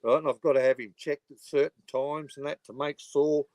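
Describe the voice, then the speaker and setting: A man's voice: a little high, fairly even intonation, moderate pace, darkish tone, dry recording. A middle-aged Australian man hosting a livestream, rambling and swearing heavily, with lots of "you know" filler. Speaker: livestreaming channel host. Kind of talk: rambling casual livestream chat.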